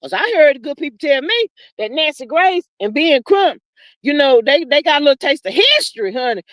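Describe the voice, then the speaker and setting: An older woman with a drawl chats to her livestream viewers in a high, lively voice. She is folksy and animated, calling everyone honey and child. The sound is close and dry, with no room around it. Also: fairly quick, no room sound. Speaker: livestream host. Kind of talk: casual livestream chat.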